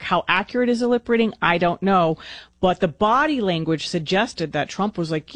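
Female radio co-host, mid-pitched, brisk newsy delivery, dry sound. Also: no echo. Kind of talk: talk radio banter.

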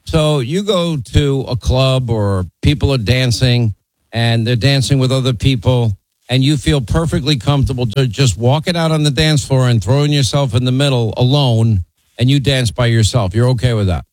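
A man's voice: mid-range voice, moderate pace, a little mellow, dry recording, rough recording. A middle-aged man hosting a call-in talk radio show, blunt and opinionated as he teases his callers. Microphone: studio microphone.

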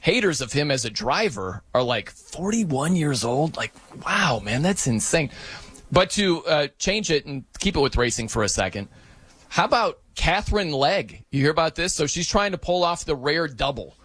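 Lively joking man, dry close sound. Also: fairly high pitch, moderate pace, breathy edge, dry recording. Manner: animated, joking, breaks into mock announcer voices. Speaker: sports radio host. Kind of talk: casual sports talk.

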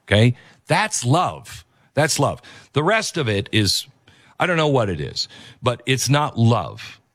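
A male commentary host talks over a video clip in an emphatic, preachy manner and hammers his points home by repeating them. His delivery swings widely up and down in pitch. The sound is dry and close to the mic. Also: wildly swooping pitch, measured pace, a bit bright, no echo.

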